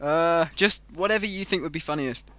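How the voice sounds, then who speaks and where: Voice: medium pitch, normal speed, fairly bright tone, dry recording. A friend calling in for a casual phone chat, pestering and insistent, given to giggling.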